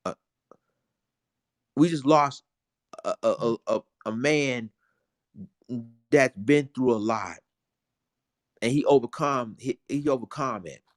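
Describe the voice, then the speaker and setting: Male vlogger, mid-pitched voice, dry close sound, indignant and repetitive, calls his viewers y'all. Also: takes it slowly, pauses often, no echo. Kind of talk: emotional casual commentary.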